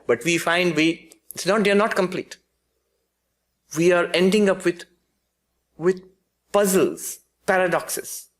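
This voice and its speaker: A man's voice: sits high, slow pace, long pauses. A man, a spiritual teacher, giving a philosophy lecture with humorous storytelling and frequent self-corrections.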